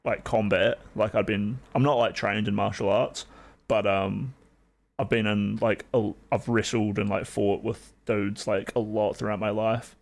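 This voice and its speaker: Gravelly-voiced young male streamer. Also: fairly low pitch, steady tone, measured pace. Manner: rambling, heavy use of filler words. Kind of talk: casual chat on a livestream.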